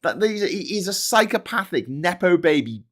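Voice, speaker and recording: A man's voice: sing-song, normal speed, a bit bright. A man hosting a casual monologue, swearing a lot as he rants. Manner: sweary, ranting, mimics in high squeals. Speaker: host.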